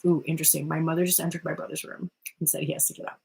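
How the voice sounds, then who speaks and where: A woman's voice: on the low side, steady tone, quick pace, slightly rough, low-quality recording. A young woman giving a spiritual card reading at home, talking in a chatty, rambling way full of fillers and restarts, into a phone or webcam. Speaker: tarot reader.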